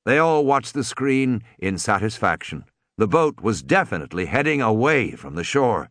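A man narrating an audiobook in a dramatic, animated reading. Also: on the low side, normal speed, dry recording.

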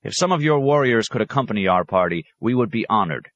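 A man voicing a clever male scholar who speaks in a courteous, measured, diplomatic way. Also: lowish voice, expressive, a bit bright, no echo, lo-fi sound, voice pushed up. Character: polite, clever male scholar, a traveling outsider.

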